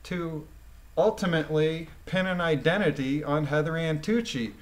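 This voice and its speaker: A man's voice: a little high, normal speed. A man reading a court transcript aloud and breaking off into incredulous, scoffing commentary.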